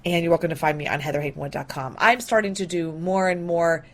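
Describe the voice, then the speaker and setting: A bubbly woman hosting a solo podcast, chatting loosely with lots of ums and quick laughs. Her voice sits on the lower side, and she rambles happily from one thought to the next. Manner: bubbly and excitable, with laughs and many fillers. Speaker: podcast host. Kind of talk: casual solo podcast talk.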